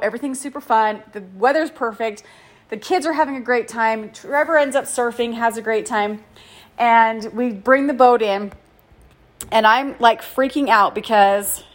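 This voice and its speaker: A woman in her forties telling a personal story in a chatty, self-deprecating way, full of "like" and quick laughs. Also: on the high side. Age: 40s. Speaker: podcast host. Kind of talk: casual storytelling monologue.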